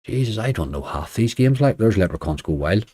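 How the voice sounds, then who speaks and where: A man's voice: on the low side, big pitch swings, brisk, mellow, husky. A man hosting a late-night slots live stream, chatting casually, greeting viewers and laughing often. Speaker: slot streamer.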